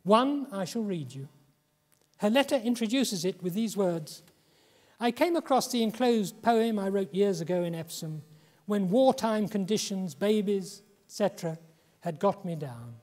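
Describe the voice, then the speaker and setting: A man in his seventies from England giving a reflective public lecture, measured and slowing for emphasis. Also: sits high, animated, a little mellow. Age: 70s. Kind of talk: public lecture and poetry reading. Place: lecture hall. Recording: long hall reverb.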